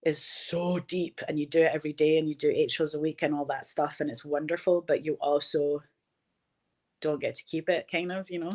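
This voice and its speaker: Woman, Glaswegian accent, thirties, chatty and animated, casual interview talk. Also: sits low, a little fast. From Scotland. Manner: animated, chatty, lots of "like" and "do you know what I mean". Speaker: interview guest, actor and director.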